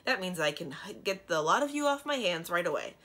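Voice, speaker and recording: A woman voicing a gruff, impatient male escort dragon in a storybook reading, loud and barking orders. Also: on the low side, big pitch swings, fairly quick, full character voice. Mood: relieved.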